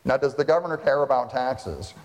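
A male pastor preaching a sermon in a church hall, lively and full of rhetorical questions. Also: mid-range voice, brisk. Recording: long hall reverb.

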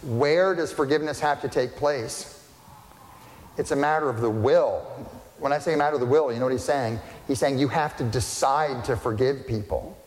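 A man's voice: mid-range voice, a little fast, faint music behind. A male pastor giving a sermon in a conversational way, putting questions to the congregation and adding dry humorous asides. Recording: long reverb of a large room.

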